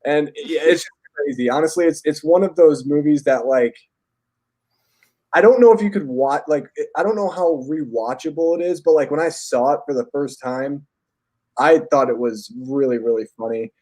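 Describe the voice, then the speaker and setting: A man with a voice a little higher than most men's hosts a casual livestream chat. He rambles along, full of fillers and restarts. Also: normal speed, dark tone. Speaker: host.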